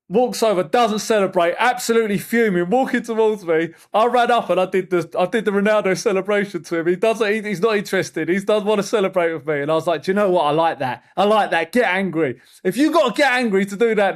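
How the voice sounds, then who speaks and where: A man, hosting a casual podcast and telling stories in a rambling, animated way with frequent restarts. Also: on the high side. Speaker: podcast host and youth football coach.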